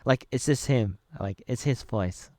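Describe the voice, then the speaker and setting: A man's voice: medium pitch, measured pace, darkish tone, no room sound, studio quality. A man in his thirties from Oregon, casually reacting to a trailer, rambling and thinking aloud with many fillers and restarts. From Oregon, USA. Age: 30s. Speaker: video creator reacting to a trailer.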